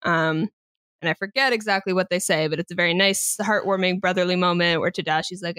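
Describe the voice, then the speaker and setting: A woman co-hosting a podcast in casual chat, excitedly retelling a film plot and acting out the characters' lines over a call mic. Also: lowish voice, brisk, clean tone, no room sound. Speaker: podcast co-host. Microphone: remote call mic.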